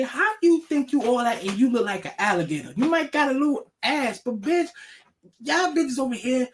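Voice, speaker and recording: A man vents to his viewers in a loose, rambling rant, cursing freely and stumbling over his words. His talk stays animated as he restarts sentences again and again. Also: very high voice. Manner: profane, animated, many restarts. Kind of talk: rambling casual rant to camera.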